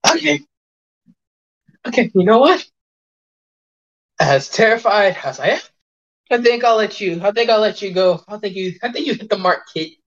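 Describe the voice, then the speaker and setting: A woman's voice: medium pitch, lively intonation, moderate pace, long pauses, close to an everyday voice. A woman voicing a harried, weary male interviewer at a hero agency, sighing and stammering through repeats. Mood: relieved. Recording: dull lo-fi audio.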